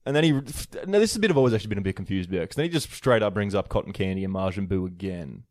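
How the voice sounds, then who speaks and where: A man co-hosting a podcast in casual chat, relaxed and agreeable, with lots of fillers. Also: fairly low pitch, racing, dry recording, clean studio sound. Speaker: podcast co-host.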